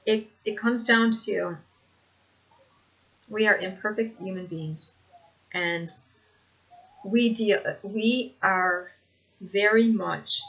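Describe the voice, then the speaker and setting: This older woman's voice sits at medium pitch with a bit of brightness. She delivers a casual, earnest home video monologue as a vlogger sharing lived experience, laughing frequently and repeating herself to stress points, in a dull lo-fi home recording.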